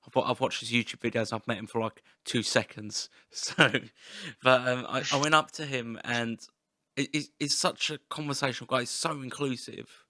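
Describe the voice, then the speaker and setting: Bright-voiced podcast host. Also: male voice, mid-range voice, normal speed, no echo, studio quality. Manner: animated storytelling, stammers and repeats words. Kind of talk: casual podcast chat.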